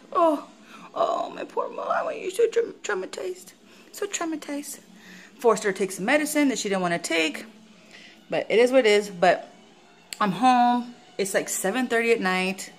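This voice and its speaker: A young woman vlogs casually to her viewers in a chatty way. She frequently swoops up into high-pitched baby talk aimed at her dog.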